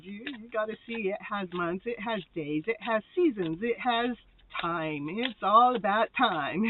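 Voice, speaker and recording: A woman hosts a live tarot reading in a loose, playful way, laughing easily and whooping in a sing-song voice. Her voice comes through tinny and narrow, like a phone call, with a faint hiss of noise behind it. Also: medium pitch. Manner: chatty and playful, breaks into giggles and sing-song "woo"s. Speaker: tarot reader and host.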